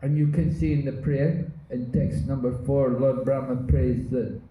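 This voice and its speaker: A man teaching a scripture class, speaking slowly and deliberately, often pausing to search for words. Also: mid-range voice, fairly even intonation. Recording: echoey room, phone-like lo-fi sound.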